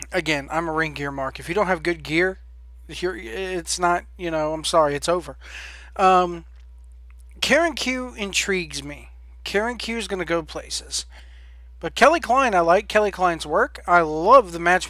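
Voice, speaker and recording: A man's voice: high voice, pushed and bright, no room sound, studio quality. A man hosting a wrestling podcast, giving blunt, sarcastic opinions in a casual rant, full of ums and restarts. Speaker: podcast host.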